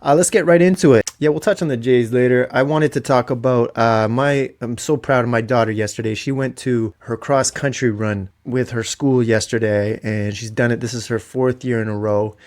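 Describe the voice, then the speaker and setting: Podcast host, 30s, Canadian accent, loose excitable storyteller, mid voice. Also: male voice, medium pitch, normal speed, hardly any pauses. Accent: Canadian English. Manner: rambling, excitable, swears freely. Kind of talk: casual solo podcast storytelling.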